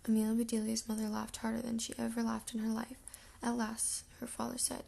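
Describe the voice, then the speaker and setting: This woman reads a children's chapter book aloud in a soft, half-whispered way. Her voice is gravelly and rough from the early hour, with heavy fry and a husky, breathy edge. It sits slightly high for a woman. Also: monotone, brisk. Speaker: audiobook reader.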